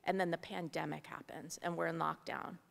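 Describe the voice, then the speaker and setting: Middle-aged woman, kinda gravelly voice, earnest personal story, echoey hall. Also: sits low, little pitch movement, brisk, fairly bright tone. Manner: earnest, candid storytelling with asides. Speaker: guest speaker, artist. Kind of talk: personal talk to a gathering. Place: large meeting hall. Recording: long hall reverb.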